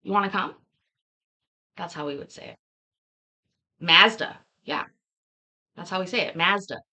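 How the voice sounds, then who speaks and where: Bright-voiced Canadian woman chatting. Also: lowish voice, unhurried. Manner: laughing, playful, mock-arguing about pronunciation. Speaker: livestream host. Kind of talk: casual chat with live viewers.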